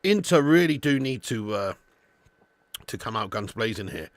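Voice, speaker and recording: A man's voice: medium pitch, sing-song, normal speed, no room sound. A man hosting a live football watch-along, chatting casually with viewers and calling them mate and lad. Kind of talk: casual live-stream chat.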